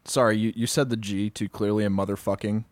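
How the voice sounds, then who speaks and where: A man's voice: on the low side, little pitch movement, fast talker, dry recording. A man playing in a tabletop game, bantering with jokes and swearing. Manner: joking, profane banter. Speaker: player. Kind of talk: casual tabletop chat.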